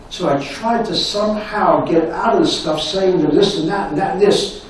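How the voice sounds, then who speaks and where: An older man giving a university lecture, telling stories in an animated way and repeating his phrases. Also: high-pitched, moderate pace, distant mic, noisy background. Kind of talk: anecdotal lecture storytelling. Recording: echoey room recorded from afar.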